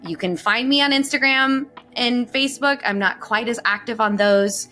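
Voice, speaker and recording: A woman's voice: fairly high pitch, moderate pace, sharp tone. A woman voice actor who is a guest on a podcast, chatting casually in a bubbly way and laughing often.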